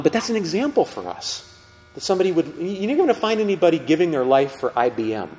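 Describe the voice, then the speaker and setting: A middle-aged man teaching a group about faith, speaking conversationally and often asking the audience questions. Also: a little mellow. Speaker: Catholic teacher. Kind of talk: storytelling talk to a group. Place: meeting room with tables. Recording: reverberant hall, faint rumble.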